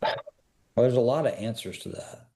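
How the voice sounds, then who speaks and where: A man's voice: mid-range voice, a little slow, mellow. A man, a personal security expert, speaking as a podcast guest and telling stories in an earnest, emphatic way, pressing listeners with repeated questions. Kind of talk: storytelling in a casual interview.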